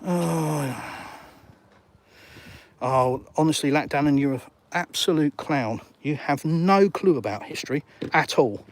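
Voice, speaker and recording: A man's voice: fairly high pitch, a little slow, no room sound. Blunt English man walking and talking. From England. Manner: blunt, sarcastic, reads out comments and retorts. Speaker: vlogger answering live chat. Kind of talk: casual walk-and-talk live stream. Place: outdoors on a seafront.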